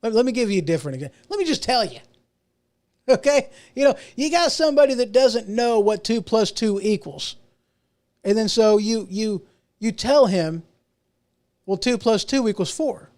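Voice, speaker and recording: Alone on his podcast, a middle-aged host with a notably high-pitched, slightly mellow voice goes on a loose, rambling rant at normal speed with lively intonation. He repeats words, restarts sentences and often pokes fun at himself.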